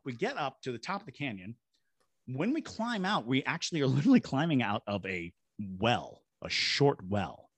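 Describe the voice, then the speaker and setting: This man's husky, sing-song voice sits at medium pitch and moves at a moderate pace, with no room sound. He's a ghost tour guide and paranormal investigator from Savannah, Georgia, guesting on a podcast and performing voices and effects as he tells a story.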